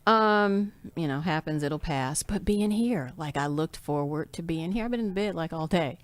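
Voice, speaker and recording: Low-voiced woman hosting a chat show. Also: normal speed, no room sound. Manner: earnest, upbeat, frequent laughter. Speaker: podcast host. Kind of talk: casual chat.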